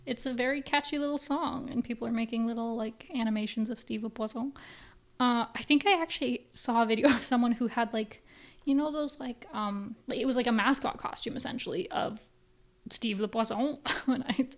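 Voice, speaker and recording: A woman's voice: fairly high pitch, brisk. A woman hosting a podcast in casual chat, rambling along with lots of filler words. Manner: chatty, rambling, heavy on "like" fillers. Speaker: podcast host.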